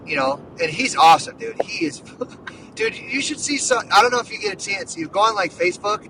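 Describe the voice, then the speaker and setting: Excited high-voiced man chatting sports. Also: brisk, gravelly, distant mic, background noise. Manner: excited, rambling, lots of "dude" and "like". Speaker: podcast host. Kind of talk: casual sports chat.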